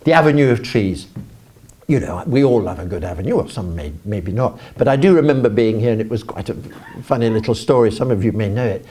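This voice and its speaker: An older English man speaking at a conference, animated and self-deprecating, rambling with restarts. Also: on the low side, a little fast, slightly rough. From England. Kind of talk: live talk to an audience. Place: conference auditorium.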